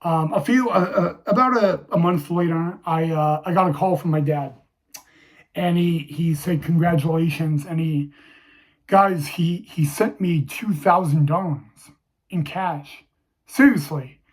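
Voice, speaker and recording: A young man telling a personal story to viewers, halting and emotional, with many restarts. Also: fairly high pitch.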